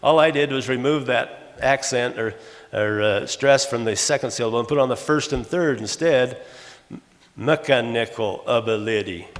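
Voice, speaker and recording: An older man from Los Angeles giving an academic conference lecture, explaining by example and often correcting himself mid-sentence. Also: mid-range voice. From Los Angeles, USA. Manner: explanatory, works through examples, frequent self-corrections. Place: conference hall. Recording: long reverb of a conference hall.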